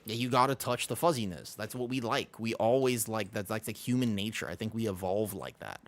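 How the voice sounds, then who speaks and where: A man's voice: fairly low pitch, a little fast. A young man streaming a video game, chatting casually and rambling to his viewers, laughing often. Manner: rambling, animated, laughs often, talks to chat. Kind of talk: casual livestream chat while gaming.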